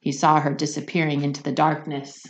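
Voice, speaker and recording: A woman teacher reading a children's novel aloud, expressive and pausing to explain words to her listeners. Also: low voice.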